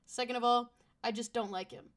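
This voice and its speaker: A woman's voice: a little high, steady tone, fairly quick. Blunt, casual woman streamer. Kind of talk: casual gaming stream chat. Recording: game music playing behind.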